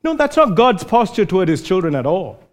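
A male preacher gives a sermon in an earnest, conversational manner, often stumbling and restarting his phrases. His voice is pitched fairly high for a man. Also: big pitch swings, a little fast.

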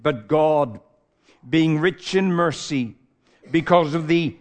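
A man preaching a sermon, stressing key words hard and then dropping his voice low. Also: slow pace.

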